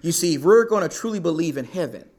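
A man with a high, light speaking voice delivers a sermon from the pulpit. He drives each point home emphatically, circling back to repeat it again and again. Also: expressive, fast, a little mellow. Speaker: pastor.

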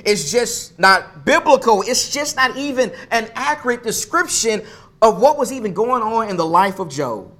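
Male pastor, sermon delivery, high voice, emphatic repetition. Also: expressive, normal speed, a bit bright. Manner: emphatic, repeats phrases for stress.

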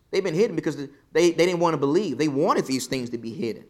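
A man with a somewhat high voice teaches a Bible class, stopping often to put questions to the group. He pushes key words out loud, then drops almost to a murmur to let a point land. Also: quick pace, hardly any pauses. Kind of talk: interactive Bible study lesson.

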